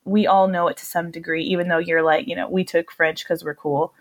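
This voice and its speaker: A woman's voice: fairly low pitch, flat delivery, brisk. Young woman from new mexico cohosting a podcast, chatty, laughs a lot, lots of likes and ums. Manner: chatty, laughs often, many fillers. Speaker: podcast co-host. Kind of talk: casual chat.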